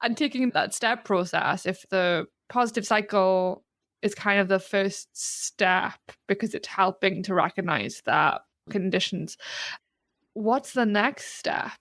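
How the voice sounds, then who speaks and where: A woman's voice: mid-range voice, unhurried, fairly bright tone, no room sound. A woman hosting a podcast, chatting casually and admiringly with her guest. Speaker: podcast host.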